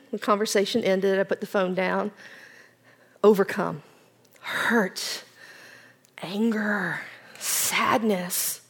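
A woman giving an earnest personal testimony as a church speaker, swinging from strong declarations to soft, near-whispered reflection. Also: medium pitch, gravelly. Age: adult with children. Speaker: women's ministry speaker.

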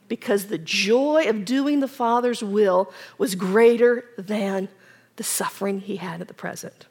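A woman giving an earnest personal testimony as a church speaker, swinging from strong declarations to soft, near-whispered reflection. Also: medium pitch, measured pace, breathy edge. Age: adult with children. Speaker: women's ministry speaker.

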